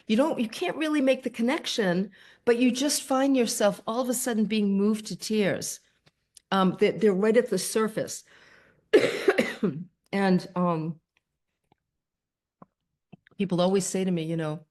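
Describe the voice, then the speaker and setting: Gentle older woman teaching on a call. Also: mid-range voice. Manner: gentle, thoughtful, speaks directly to viewers. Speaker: host. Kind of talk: reflective teaching talk on a video call. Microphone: video call.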